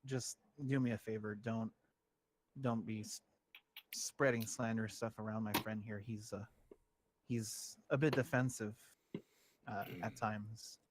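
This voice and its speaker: A man's voice: fairly low pitch, steady tone, a little slow, long pauses, a little hiss or hum. A man playing a tabletop game in an easygoing, stumbling way, speaking his character's lines in his own voice. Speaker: player.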